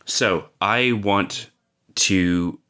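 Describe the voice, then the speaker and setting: A man playing a tabletop game, deliberately talking through his moves. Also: on the low side, pushed and bright, smooth. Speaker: player.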